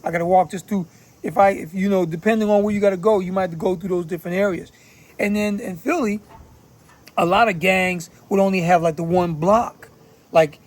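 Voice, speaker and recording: A channel host from Philadelphia, USA, gives casual commentary, speaking bluntly in profane street slang. His voice sits high and a little mellow, and he talks a little fast.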